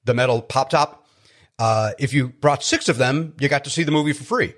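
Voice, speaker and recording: At a normal pace and medium pitch, a male comedian from Chicago chats as a guest, spinning stories. He's animated, self-deprecating, and frequently starts over.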